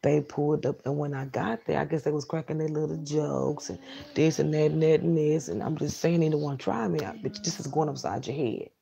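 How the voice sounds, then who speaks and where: A woman's voice: deep voice, steady tone, a little fast, vocal fry, warm tone, highs cut off. A woman telling a personal story casually, in a blunt, emphatic, profane way.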